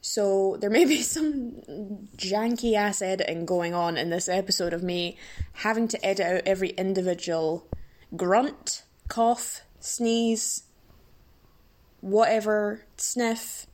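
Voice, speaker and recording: A woman hosts her own podcast alone and chats in a loose, rambling way. She giggles, pokes fun at herself and sounds a little bashful. She is sick, so her nose is stuffed and her throat is rough. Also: mid-range voice. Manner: giddy, rambling, self-mocking, giggly. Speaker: podcast host. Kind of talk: casual solo podcast chat.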